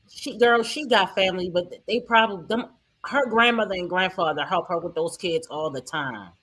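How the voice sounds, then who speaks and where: A woman's voice: on the low side, normal speed, fairly bright tone, breathy edge. A woman streamer giving sarcastic, mocking reaction commentary and talking straight to her viewers. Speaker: streamer host.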